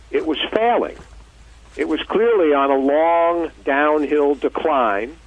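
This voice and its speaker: An older man in his seventies speaks over a thin, phone-like line. He explains things in a measured, thoughtful way, as a guest author calling in to an interview. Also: mid-range voice. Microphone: telephone.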